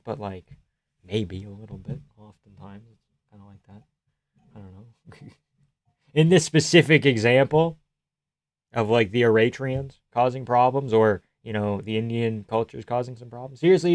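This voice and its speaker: A man on a live stream responds to his chat casually, wandering from point to point with plenty of laughter and cursing. His pitch is an everyday middle range, and the sound is close-up and dry, free of room echo.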